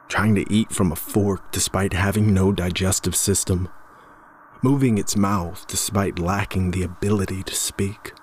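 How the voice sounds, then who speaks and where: A man telling a first-person horror story in a measured, somber way, stumbling over a word now and then. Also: low voice, slight background noise.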